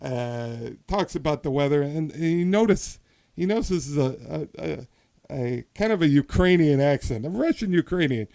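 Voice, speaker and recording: A man's voice: fairly high pitch, lively intonation, moderate pace, gravelly, mellow. A man hosting a podcast in casual chat, telling a hypothetical story with many restarts and asides. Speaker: podcast host.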